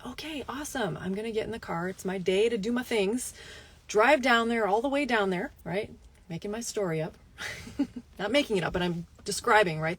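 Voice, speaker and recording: A woman health coach giving a motivational talk to camera, telling a personal story with lively asides and checking in with "right?". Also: fairly high pitch. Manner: animated storytelling, frequent "right?" asides and laughs.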